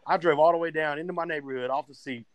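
A man's voice: a little high, fast talker, no room sound, low-quality recording. A man telling profane stories in casual podcast chat. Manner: profane, animated storytelling. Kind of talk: casual storytelling.

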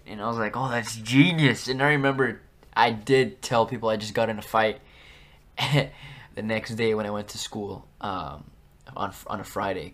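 A man's voice: medium pitch, a bit bright. A young man hosting a podcast, telling stories from his school days in a chatty, rambling way, full of fillers and restarts. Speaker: podcast host. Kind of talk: casual storytelling.

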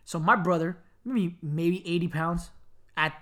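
A man from Miami, speaking a little slowly, recounts a family tale in relaxed chat. Laughing and animated, he puts on squeaky voices to portray the people involved.

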